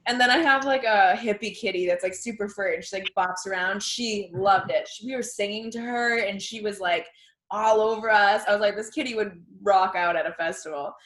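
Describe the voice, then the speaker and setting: Animated young woman with a Boston accent, echoey room. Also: a little fast. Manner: animated storyteller, acts out quotes with big pitch jumps. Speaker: podcast guest, comedian. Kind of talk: casual chat over video call. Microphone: video call.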